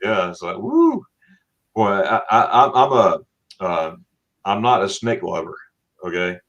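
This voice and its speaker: A middle-aged man from Florida hosting a casual livestream chat, telling animated stories and acting out what people said with laughs. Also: low voice, unhurried, highs cut off. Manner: animated storyteller, acts out quotes with laughs. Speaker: livestream host.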